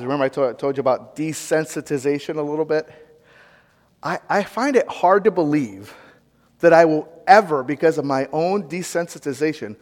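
Pastor type, man, high and very lively voice, chatty sermon in a reverberant hall. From United States. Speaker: pastor or Bible teacher. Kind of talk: interactive sermon.

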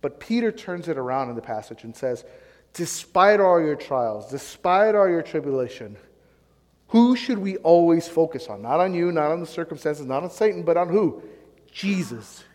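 High-voiced preacher man in a reverberant hall. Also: animated, moderate pace, a little mellow. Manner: call-and-response preaching, rising and falling emphasis. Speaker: pastor. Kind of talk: sermon.

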